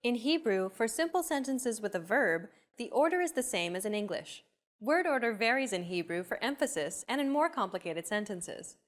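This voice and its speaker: A woman hosting a language lesson, reading a scripted narration in a clear, upbeat teacher's manner. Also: fairly high pitch, big pitch swings, moderate pace.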